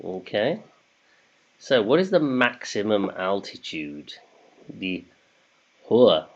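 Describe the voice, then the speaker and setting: A man's voice: fairly low pitch, sing-song, takes it slowly. A man hosting a casual quiz, chatty and jokey, reading questions in English and then in German. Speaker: quiz host. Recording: dull lo-fi sound.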